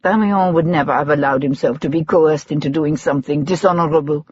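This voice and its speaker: A woman's voice: sits low, brisk, slightly rough, no room sound, dull audio. A narrator doing an earnest young noblewoman. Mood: insistent. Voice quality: earnest, insistent.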